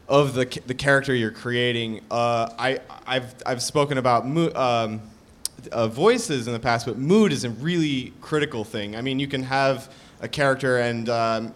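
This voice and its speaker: Measured man explaining like a teacher. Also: mid-range voice. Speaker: co-host. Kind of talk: casual explanatory chat.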